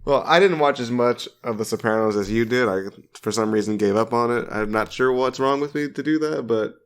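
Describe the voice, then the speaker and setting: A man's voice: medium pitch, brisk. A man co-hosting a casual podcast, asking questions in a dry way. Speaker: podcast co-host. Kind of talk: casual chat.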